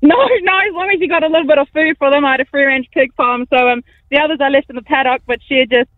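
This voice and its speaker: A woman's voice: high-pitched, fast, no echo. A New woman calling a radio show, her voice thin and boxy over a phone line. She is cheerful, with laughter breaking through as she talks. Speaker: caller. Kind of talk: phone-in chat.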